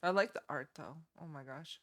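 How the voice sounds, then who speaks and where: Young female streamer, lower-pitched, relaxed giggly reaction chat. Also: brisk. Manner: chatty, giggly, easily delighted. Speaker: streamer reacting to game trailers.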